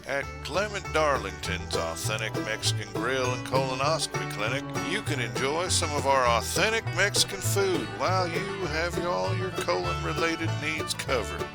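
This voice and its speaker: A man's voice: mid-range voice, voice pushed up, natural voice, low-quality recording. A man voicing an overeager male commercial announcer in a hyped-up, salesy delivery.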